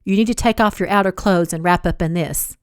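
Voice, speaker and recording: A woman voicing a gruff young cowboy who speaks in a lowered, sneering voice during a storybook romance reading. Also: fairly quick, no echo, studio quality, natural voice.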